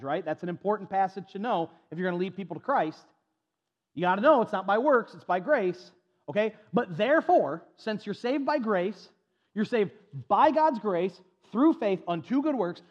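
A man delivers an animated sermon in a church, his voice sitting high for a man. He moves quickly between rhetorical questions and scripture reading. The recording sounds dull and lo-fi. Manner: animated preaching, mocking voices of critics. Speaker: pastor.

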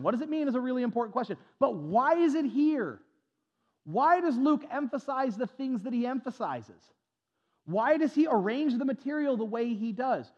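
A man delivers an animated sermon in a church, his voice sitting high for a man. He moves quickly between rhetorical questions and scripture reading. The recording sounds dull and lo-fi. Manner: animated preaching, mocking voices of critics. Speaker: pastor.

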